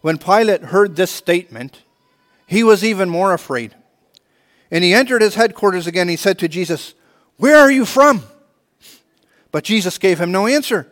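A man's voice: high-pitched, expressive, moderate pace, in a large hall. A man preaching a sermon and reading scripture aloud, earnest, often restarting and repeating words. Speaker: pastor.

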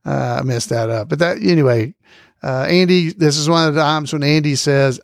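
A man hosts a casual trivia podcast, wandering from point to point with fillers and little laughs. His voice sits a bit high and has a gravelly edge. It is recorded close and dry, with no room sound. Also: normal speed, dry recording. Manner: rambling, chuckling, many fillers. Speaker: podcast host.

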